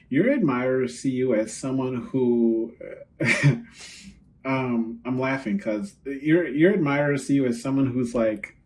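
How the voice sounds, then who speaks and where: A man giving a casual tarot reading as host, chatty and quick to laugh, often checking in with "right?" and "okay?". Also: mid-range voice, slight background noise. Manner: laughs easily, rambles with fillers. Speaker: tarot card reader.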